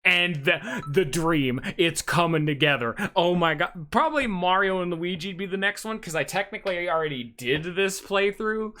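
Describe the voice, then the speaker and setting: A man chatting casually on a live stream, excitable and swearing freely, laughing often. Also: sits high, normal speed, few pauses, a little hiss or hum. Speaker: livestreamer.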